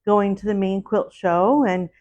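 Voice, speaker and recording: A woman's voice: medium pitch, unhurried, darkish tone. A woman running a live stream from her quilt shop on her own, chatting casually and greeting viewers by name. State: a little out of breath. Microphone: solo live stream setup. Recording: dull lo-fi live-stream audio.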